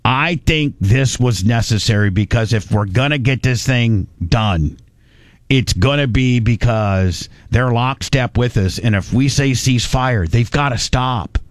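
A man's voice: medium pitch, unhurried, no room sound. A man hosting a talk radio show, blunt and crude in his commentary.

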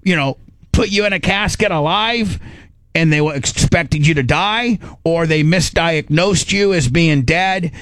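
A man's voice: fairly high pitch, unhurried, no room sound. A middle-aged man hosting a radio show, telling a story in casual chat and acting out his own inner voice. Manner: animated, acts out his inner voice.

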